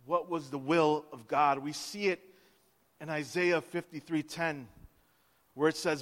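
Male pastor, high-pitched, impassioned sermon delivery, long hall reverb. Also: steady tone, measured pace. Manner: impassioned, swings from hushed to loud, acts out quotes. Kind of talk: Easter sermon.

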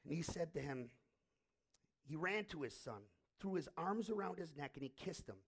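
A man's voice: fairly high pitch, lively intonation, normal speed, husky. A middle-aged man preaching a sermon as pastor, telling a story emphatically and asking rhetorical questions.

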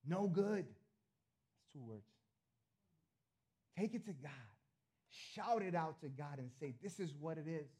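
A middle-aged man preaching a sermon as pastor, earnest, repeating phrases, swinging between loud appeals and soft asides. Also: a little high.

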